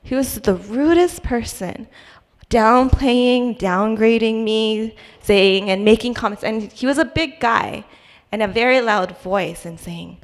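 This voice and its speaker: A woman's voice: on the high side, a little slow. A young adult woman giving a personal testimony at church in a conversational, hesitant way, with frequent restarts and fillers. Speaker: church speaker sharing a testimony. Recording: long hall reverb.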